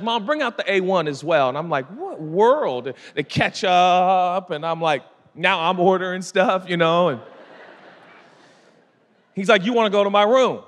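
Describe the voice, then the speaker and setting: Man, high voice, pastor, animated sermon storytelling, long hall reverb. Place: large church hall.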